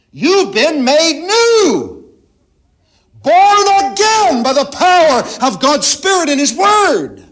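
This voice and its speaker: A man preaching a sermon to a congregation, swinging from loud emphatic lines to hushed, intimate asides. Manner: preaching with sweeping swings in pitch and loudness, drops to near-whisper asides. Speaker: pastor.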